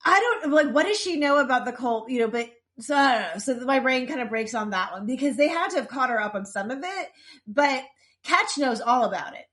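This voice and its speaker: Chatty higher-voiced woman podcaster. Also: animated, brisk, a bit bright. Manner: chatty, wry asides, frequent restarts. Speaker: podcast co-host. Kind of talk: casual chat recapping a TV episode.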